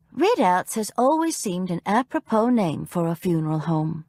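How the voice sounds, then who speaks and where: A woman's voice: on the low side, very animated, moderate pace, few pauses, dark tone, no room sound, clean studio sound. A woman narrating a cozy mystery audiobook in the first person, with a wry storytelling manner.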